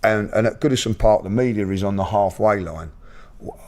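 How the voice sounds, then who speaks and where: Low-voiced man telling a rambling story. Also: a little fast. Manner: animated storyteller with many fillers and repeats. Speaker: podcast host. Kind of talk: casual chat, storytelling.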